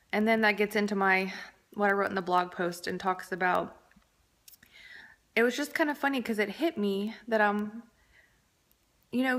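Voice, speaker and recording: A woman's voice: medium pitch, moderate pace, fairly bright tone. Woman, thirties, casual vlog storytelling, rambling, chatty, lots of fillers. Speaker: vlogger.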